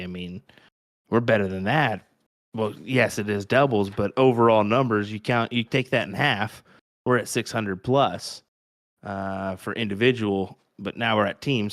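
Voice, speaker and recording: A man's voice: on the low side, no echo, studio quality. A man with a Kansas accent commentating on darts, chatty and laughing often as he tells stories. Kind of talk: live sports commentary banter.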